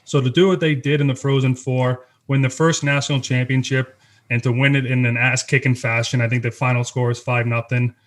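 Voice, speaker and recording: A man who played college hockey, co-hosting a casual sports podcast and telling stories with measured enthusiasm. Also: medium pitch, flat delivery.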